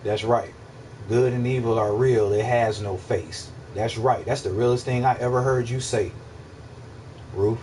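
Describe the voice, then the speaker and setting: A man hosting a casual livestream, musing out loud in a rambling, profane way, repeating himself and answering his chat. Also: mid-range voice, steady tone, unhurried, distant mic, a little hiss or hum, low-quality recording. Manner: rambling, profane, repeats himself, asks listeners if they follow. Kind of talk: casual philosophical monologue.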